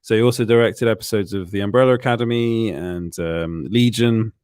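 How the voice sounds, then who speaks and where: A man's voice: lowish voice, brisk, darkish tone, clean tone, no room sound, studio quality. A man hosting a casual livestream chat, laughing often and restarting his sentences. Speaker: show host.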